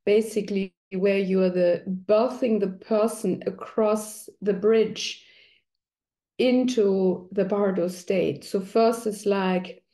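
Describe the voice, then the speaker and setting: A woman's voice: medium pitch, mellow. A middle-aged woman talking conversationally, now and then acting out quoted voices. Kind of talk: explanatory talk.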